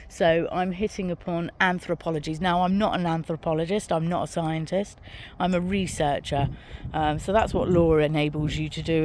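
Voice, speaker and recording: A woman's voice: low-pitched, darkish tone, a little hiss or hum. A middle-aged woman, talking frankly and casually to camera while walking outdoors on her farm, swearing now and then and laughing at her own jokes. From Britain. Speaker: author and vlog host. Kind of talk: casual walking vlog monologue.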